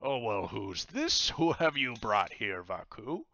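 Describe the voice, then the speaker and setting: A man voicing a boisterous, burly male pirate god who talks loud and jovial. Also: mid-range voice, sing-song, slow pace, no room sound, highs cut off, pitched above the performer's own voice, heavily acted. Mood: jovial, booming.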